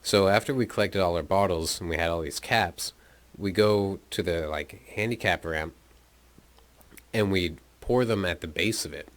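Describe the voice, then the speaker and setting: With a deep voice and moderate pace, a young man hosting a podcast recounts his school days. The story is casual, rambling, and profane, and he often laughs while talking as he tells his life story.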